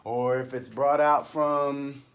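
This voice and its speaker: A man telling his own story into a phone in a halting, heated monologue, full of restarts and trailing off. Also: medium pitch, steady tone, clear, resonant tone. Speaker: vlogger recounting a personal dispute. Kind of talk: unscripted personal monologue.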